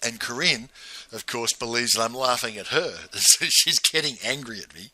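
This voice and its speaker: A man's voice: medium pitch, expressive, pushed and bright, no echo. A man coaching through a spoken lesson, telling stories, chuckling to himself and often checking in with "right?". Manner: chuckling, halting, frequent "right?" asides. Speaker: business coach.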